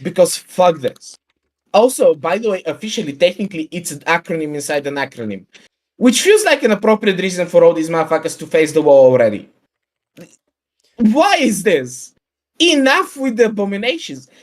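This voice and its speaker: Sweary guy ranting on a stream call, sarcastic, voice all over the place pitch wise. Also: big pitch swings, brisk, darkish tone. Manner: profane, sarcastic, exasperated ranting. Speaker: guest on a livestream. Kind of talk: casual ranting chat.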